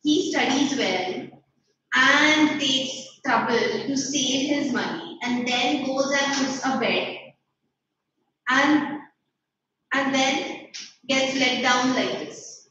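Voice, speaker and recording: A woman's voice: high voice, slow pace. Woman teacher reading a story aloud. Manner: reads dialogue in voices, then explains simply. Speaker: English teacher. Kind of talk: online class, reading a story aloud and explaining. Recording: echoey distant lo-fi with noise.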